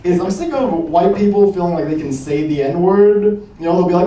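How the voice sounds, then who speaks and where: Teen stand-up comic, high bouncy voice, deadpan delivery, distant roomy club recording. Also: male voice, brisk, hardly any pauses. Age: teenager, 17. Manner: deadpan jokes, acts out others in higher voices. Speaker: stand-up comedian. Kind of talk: stand-up comedy set. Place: small comedy lounge with audience. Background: audience laughter and room noise.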